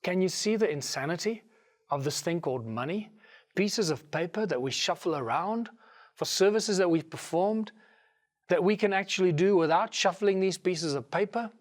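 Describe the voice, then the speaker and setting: A middle-aged man with a South African accent telling a story in a lively way and giving the characters their own voices. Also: high-pitched, normal speed. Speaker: speaker. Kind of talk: storytelling talk.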